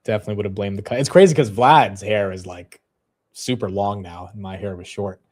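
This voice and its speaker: Chatting casually on his live stock market stream, this young man speaks in a lowish, somewhat mellow voice. His manner is self-deprecating and quick-shifting, and he often laughs at himself.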